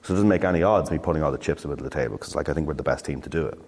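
A man's voice: extremely low pitch, racing, darkish tone, big-room sound. A man in his thirties, a startup founder telling his story in a casual, rambling interview chat full of swearing.

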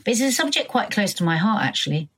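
A middle-aged British woman co-hosting a podcast, chatting casually with frequent halting restarts. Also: medium pitch, sing-song, a bit bright, slightly rough. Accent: British English. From Britain. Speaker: podcast co-host. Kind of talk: casual chat.

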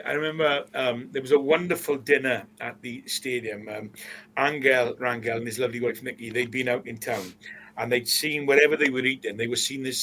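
A Welsh man in his sixties, a stadium announcer, telling stories in an interview with animated anecdotes and frequent restarts. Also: mid-range voice, a little hiss or hum, rough recording. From Swansea, Wales. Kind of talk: casual storytelling interview.

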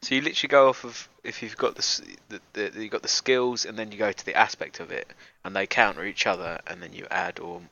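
A man's voice: fairly low pitch, steady tone, fast talker, hardly any pauses, bright, forceful tone. A man playing a tabletop game, chatting jokily and restarting his sentences. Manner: jokey, restarting. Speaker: player. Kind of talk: casual tabletop chat. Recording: dull lo-fi sound.

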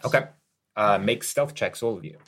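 Laughing low-voiced male game master. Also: lively intonation, normal speed, very noisy. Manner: descriptive narration, laughs often. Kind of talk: narrating a tabletop game.

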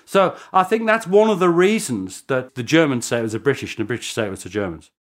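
A man, a historian, telling the story in an interview in an animated way, often chuckling and restarting his sentences. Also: mid-range voice, fast. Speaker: historian guest.

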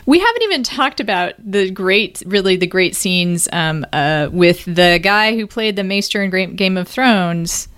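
A woman's voice: medium pitch, animated, unhurried, hardly any pauses, fairly bright tone, clean tone. A woman co-hosting a podcast in casual chat, thoughtful, often restarting her sentences and laughing easily. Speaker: podcast co-host.

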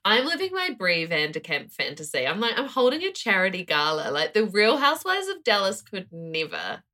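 A woman's voice: medium pitch, wildly swooping pitch, moderate pace, sharp tone. A woman co-hosting a podcast, chatty and giggly in casual talk. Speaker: podcast co-host. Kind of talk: casual chat.

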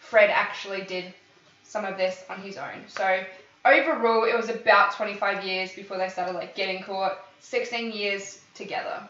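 A woman's voice: medium pitch, steady tone, normal speed, a bit bright. A woman hosting a casual true-crime podcast, chatty and often stumbling over names. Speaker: podcast host. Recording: echoey room, far from mic, dull lo-fi sound.

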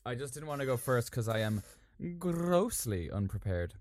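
Man, mid-pitched, co-host, playful jokes, lively delivery, dry close mic. easygoing banter. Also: moderate pace, no echo. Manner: joking, playful. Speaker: podcast co-host. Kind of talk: casual chat.

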